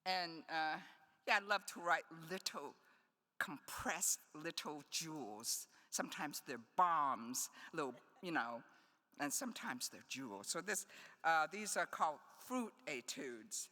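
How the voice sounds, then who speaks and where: A woman's voice: deep voice, animated, a little slow, sharp tone. A woman poet giving a live reading in a conference hall, with playful, wry asides between poems. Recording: long hall reverb.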